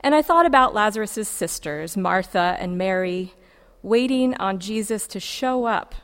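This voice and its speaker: Woman preacher, slow and poetic, lots of pauses, big echoey church. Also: mid-range voice. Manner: measured, poetic delivery with dramatic pauses. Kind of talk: sermon with a recited poem. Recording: long reverb of a large hall.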